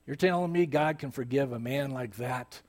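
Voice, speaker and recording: A man's voice: mid-range voice, moderate pace, darkish tone, natural voice. A male preacher voicing a hardened man who owns a gambling hall, telling of his crimes in a pleading, insistent way. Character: hardened male gambling-hall owner, menacing then broken.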